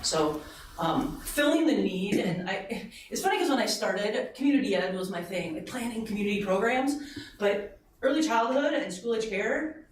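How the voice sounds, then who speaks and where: A woman's voice: medium pitch, expressive, normal speed, slight background noise. A woman giving a program report at a school board meeting, talking conversationally with frequent ums and getting emotional near the end. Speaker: community education director. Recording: echoey room mic from far off.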